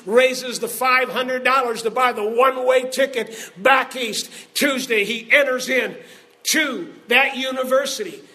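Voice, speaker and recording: A man preaching a sermon, telling a story emphatically and rising to shouted exhortation. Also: very high-pitched.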